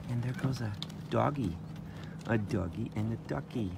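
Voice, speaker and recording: A man giving a casual walking tour by a lake in a playful, chatty way, pausing often with "uh". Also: medium pitch, vocal fry. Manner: playful, chatty, with frequent "uh" pauses. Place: outdoors by a lake. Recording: outdoor background noise.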